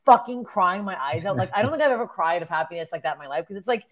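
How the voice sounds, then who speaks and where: A woman's voice: lowish voice, animated, very fast, a bit bright. A young woman comedian from Canada, telling stories bluntly and with plenty of swearing in casual podcast chat. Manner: blunt, profane storytelling. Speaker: stand-up comedian, podcast guest.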